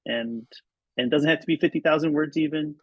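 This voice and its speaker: Male guest with a gravelly voice, talks in stops and restarts, heard on dull lo-fi audio. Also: on the high side, no echo. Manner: halting, many ums and restarts. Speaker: podcast guest, writer and editor. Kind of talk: casual interview chat. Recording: dull, muffled, dry audio.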